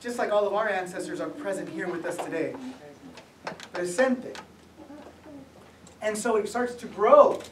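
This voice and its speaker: A middle-aged man giving an author talk at a museum, speaking conversationally with gentle humor and some restarts. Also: high voice, measured pace, pauses often, background noise. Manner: conversational, self-deprecating humor, frequent restarts. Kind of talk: public talk with slides. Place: museum event room. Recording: echoey room, mic at a distance.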